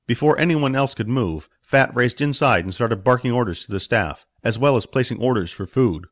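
Male audiobook narrator, animated intonation, dry close sound. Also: mid-range voice, normal speed, few pauses, no echo. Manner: expressive, puts on character voices. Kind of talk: storybook narration.

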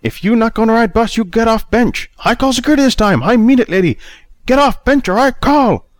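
A man voicing a gruff older bus driver who speaks clipped, broken English. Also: extremely high pitch, expressive, fairly quick, no echo, clean studio sound, pitched above the performer's own voice. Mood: yelling.

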